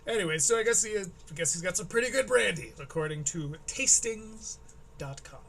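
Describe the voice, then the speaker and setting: A man's voice: sits high, lively intonation, vocal fry, a bit bright, slight background noise. Wry man with a Michigan accent. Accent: Michigan Midwestern. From Michigan, USA. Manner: wry, chatty, quick asides. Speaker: streamer reacting to a comedy special. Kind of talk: live-stream commentary.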